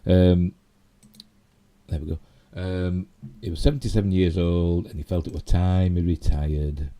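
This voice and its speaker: Low, mellow Yorkshire man rambling. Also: steady tone, unhurried. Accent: Yorkshire English. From Yorkshire, England. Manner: rambling, chatty, with many fillers and self-asides. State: slightly hoarse. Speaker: channel host. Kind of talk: casual live-stream commentary.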